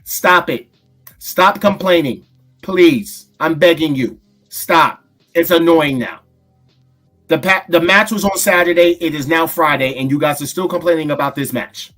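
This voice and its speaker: A man hosting a casual podcast chat, animated, playful and swearing freely. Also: a little high, measured pace, soft background music. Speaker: host.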